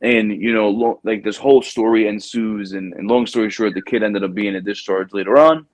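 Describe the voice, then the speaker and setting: A man hosting a podcast, telling a story in a casual, lively way and acting out the people in it. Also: fairly low pitch, a little fast, dry recording. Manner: animated storyteller, acts out quoted people. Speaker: podcast host.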